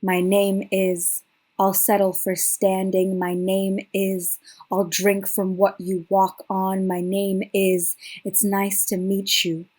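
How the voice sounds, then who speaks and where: A woman performing spoken word poetry in a measured, incantatory delivery. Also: medium pitch, completely flat delivery, a little mellow. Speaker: poet.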